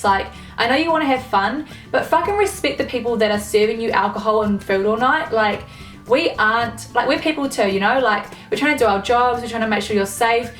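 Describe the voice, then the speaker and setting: Talking a little fast in a voice on the high side, a young woman vlogs an exasperated, casual rant, swearing often and padding her speech with fillers. Soft background music plays, and the distant mic catches room echo.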